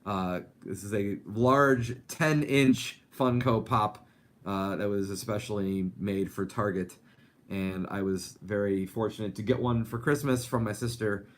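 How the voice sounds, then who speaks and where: A man's voice: fairly low pitch, steady tone, a little slow. A man hosting a live animation talk show, chatting casually and reading out viewer comments with lots of fillers. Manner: chatty, upbeat, rambling with many fillers.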